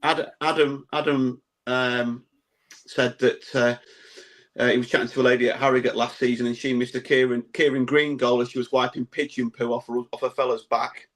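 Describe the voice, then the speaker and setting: A man hosting a casual football podcast, reading out listener comments with dry, relaxed asides. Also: mid-range voice, normal speed. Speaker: podcast host.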